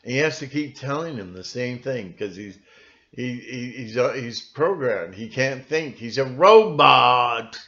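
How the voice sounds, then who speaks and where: A man talking in a rambling solo monologue, halting often with fillers and restarts. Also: medium pitch, expressive, fairly bright tone. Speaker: channel host. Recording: dull lo-fi recording.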